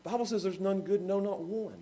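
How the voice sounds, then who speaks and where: High-pitched guy preaching, loud then soft, real emphatic. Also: fairly even intonation, fairly quick. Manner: emphatic preaching, rising and falling in volume; laughs at his own examples. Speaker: pastor. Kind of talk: sermon.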